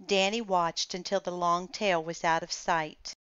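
Woman, storybook read-aloud, very slow pace, smooth clear voice, slightly muffled recording. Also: on the low side, steady tone, fairly bright tone, no room sound. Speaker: children's book reader.

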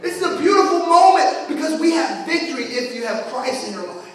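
A young man preaches a fervent sermon, his voice pitched very high and driving through repeated refrains. He sounds caught from far across a big church, wrapped in a long, booming echo. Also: animated, normal speed, a bit bright. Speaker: pastor. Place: large echoey church sanctuary. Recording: echoey hall, voice from far off.

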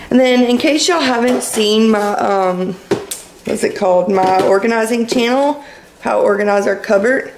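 A woman chatting casually through a home vlog, rambling with quick asides. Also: medium pitch. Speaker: home vlogger. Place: home kitchen. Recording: noisy home kitchen recording.

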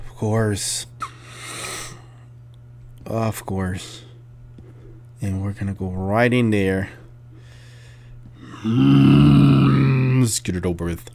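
A man commenting on his horror game play, yelling and screaming at scares and dropping to whispers in tense moments. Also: low voice, fairly even intonation, slow, long pauses. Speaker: gameplay commentator.

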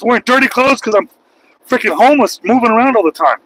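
A man in his forties, raised in Los Angeles, delivers a casual vlog monologue in a voice pitched higher than most men's. He talks with heated emphasis, circling back to repeat his key lines. The tone stays unscripted and conversational throughout. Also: expressive, fast, a bit bright, slightly rough, rough recording. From Los Angeles, USA. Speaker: truck driver and channel host.

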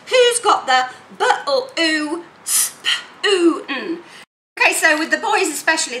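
Lively woman sounding out words. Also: on the high side. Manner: sounds out words slowly in separate phonemes; animated and playful with children's toys. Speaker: literacy teacher. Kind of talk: teaching demonstration. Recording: echoey room, faint noise.

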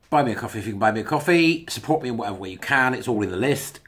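Male vlogger, husky voice, animated pitch, wry and chuckling, casual solo commentary. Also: fast talker. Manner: sarcastic, chuckling asides. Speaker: video blogger.

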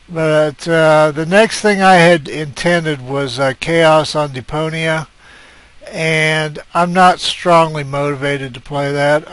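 A man talks his way through a video game in a loose, rambling commentary. His voice sits a bit high for a man, and he stops often to hesitate with "uh". He speaks into a desk mic at his computer. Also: fairly bright tone, no echo. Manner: rambling, hesitant, frequent "uh" fillers. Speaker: let's play gamer.

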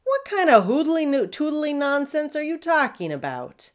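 A woman voicing a blustering, loud, muddled male pirate-captain dog in a storybook reading. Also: high-pitched, very animated, moderate pace, pitched above the performer's own voice. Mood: blustery.

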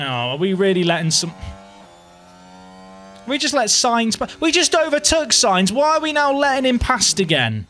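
Young male streamer, fairly high voice that swings wide, dramatic and self-mocking live game chatter, faint music underneath. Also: bright, forceful tone. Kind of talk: live gameplay commentary.

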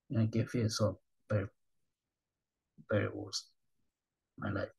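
Halting man in his thirties. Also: fairly low pitch, level tone, creaky, slightly rough, poor audio. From Japan. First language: Japanese. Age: 30s. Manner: halting broken English, often trailing off softly. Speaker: reaction video host. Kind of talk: rambling casual monologue.

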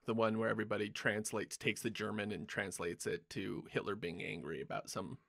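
A man's voice: fairly low pitch, flat delivery, fairly quick, vocal fry, fairly bright tone, no echo, studio quality. A man hosting a casual film podcast, talking loosely with lots of laughter and filler words. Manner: laughs often, loose and joking, many fillers. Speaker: podcast host.

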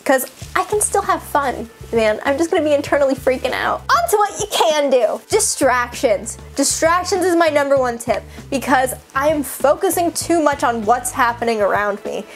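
A woman's voice: high voice, animated, moderate pace, hardly any pauses. Chatty young woman vlogging, music faint. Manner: chatty, self-mocking, lots of "like". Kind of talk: casual talk to camera.

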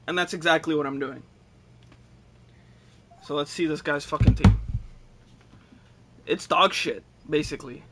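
A man's voice: on the high side, a little slow, pauses often, very noisy. A young man giving frustrated gameplay commentary, swearing, ranting and mocking himself sarcastically. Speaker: gaming YouTuber.

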